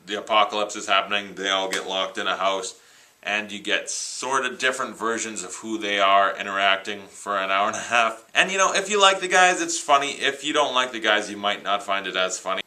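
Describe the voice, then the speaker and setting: A man's voice: on the low side, pushed and bright, poor audio. A man chatting casually on camera, rambling and enthusiastic as he reviews his new films. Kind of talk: casual unscripted vlog. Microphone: handheld camera, self-recorded.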